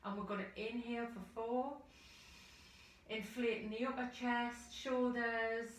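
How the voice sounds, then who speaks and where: Soft-spoken woman guiding yoga breathing. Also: a little high, level tone, a little hiss or hum. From United Kingdom. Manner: slow, soothing cues with audible sighing breaths. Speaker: yoga teacher. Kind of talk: guided yoga instruction. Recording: echoey room, voice from far off the mic.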